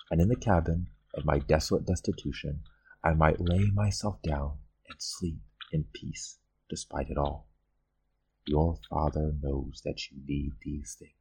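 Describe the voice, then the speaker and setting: Low husky guy reading an old sermon, earnest, pushes the big words. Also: darkish tone. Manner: earnest, rising and falling emphasis. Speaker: reader of a historic sermon. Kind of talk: read-aloud sermon.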